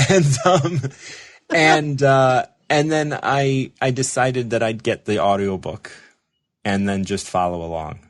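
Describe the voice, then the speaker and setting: A man hosting a show, telling a rambling, self-mocking story in casual chat, animated, with laughs and restarts. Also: medium pitch, takes it slowly. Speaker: show host.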